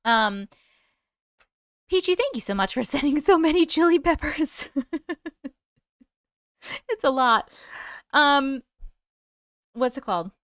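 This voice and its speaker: A woman's voice: high voice, expressive, slow, pauses often, a bit bright, no room sound, studio quality. A woman with a New York accent hosting a casual livestream, chatting away, greeting viewers by name and swearing now and then. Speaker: livestream host and storyteller.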